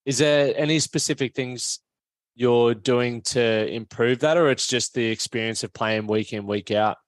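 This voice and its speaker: A man hosting a podcast, asking rambling, relaxed questions with many "yep" backchannels. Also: mid-range voice, measured pace, no room sound. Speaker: podcast host. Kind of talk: casual interview hosting.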